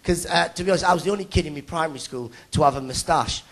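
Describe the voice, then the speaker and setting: Young man, stand-up comedian, rapid-fire delivery, gravelly, teasing banter, live stage mic. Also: fairly high pitch, fairly bright tone. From Middlesbrough, England. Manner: chatty, teasing banter with the audience. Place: stage at a live awards show.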